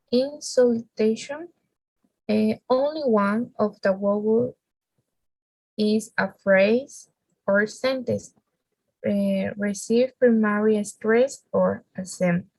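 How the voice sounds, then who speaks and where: A woman whose first language is Spanish, reading a class presentation on phonology in a halting way with restarts. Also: medium pitch, a little mellow, dry recording, low-quality recording. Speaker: student presenter.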